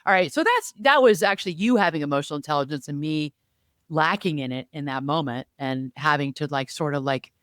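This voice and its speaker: A middle-aged woman co-hosting a podcast and coaching, talking in an animated, reflective way with many asides. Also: deep voice, a little fast, dry recording, clean studio sound. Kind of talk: casual podcast chat. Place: home podcasting room.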